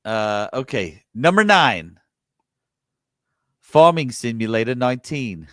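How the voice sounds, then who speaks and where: A man's voice: mid-range voice, big pitch swings, slow, fairly bright tone, dry recording, clean studio sound. Playful male podcast co-host reading lists. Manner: playful, laughs often, reads listener messages aloud. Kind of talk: casual chat.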